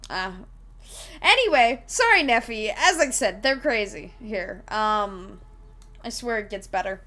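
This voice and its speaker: A woman's voice: mid-range voice, lively intonation, a little slow, sharp tone. A woman streaming live, chatting casually with viewers in a rambling way, giggling and full of fillers while she explains a tabletop game.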